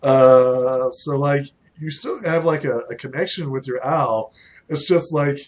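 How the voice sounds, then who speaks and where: A man narrating a tabletop game as game master, laughing often and filling pauses with "like" and "uh". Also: medium pitch. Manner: laughing often, many fillers.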